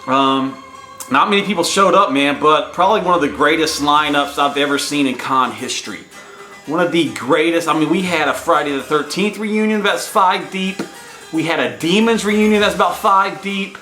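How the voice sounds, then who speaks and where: A man's voice: on the high side, moderate pace, bright, forceful tone, faint music behind. A man vlogging in a brash, boastful, hype-man patter. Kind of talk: casual hype vlog. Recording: echoey room sound.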